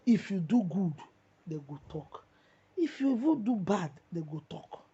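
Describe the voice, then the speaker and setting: A woman's voice: mid-range voice, very animated, measured pace, dark tone, husky. A woman with a Nigerian accent delivering an impassioned, repetitive preaching monologue. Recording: muffled lo-fi recording.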